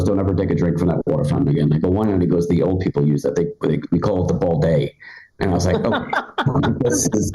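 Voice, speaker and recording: A man's voice: fairly low pitch, mellow, echoey room, rough recording. A man in his forties doing a live stand-up set, chatty and rambling, full of fillers and restarts. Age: 40s. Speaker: stand-up comedian. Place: comedy club stage.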